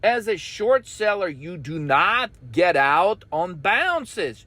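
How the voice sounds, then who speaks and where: A man's voice: high voice, sing-song, slow, sharp tone, no room sound. A man hosting a trading channel, delivering a blunt, intense, profanity-laced rant to his viewers.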